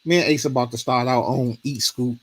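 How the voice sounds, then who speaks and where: A man's voice: mid-range voice, fairly even intonation, fairly quick, fairly bright tone, breathy edge. A man, talking casually on a livestream, rambling and pleading for comments, and cooing at his dog in between. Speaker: streamer.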